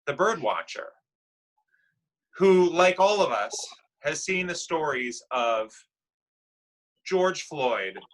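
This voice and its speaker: A man's voice: on the high side, big pitch swings, slow pace, pauses often, fairly bright tone, poor audio. A man leading a class discussion, patiently telling a news story to children and asking them guiding questions. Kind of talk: explaining current events to children.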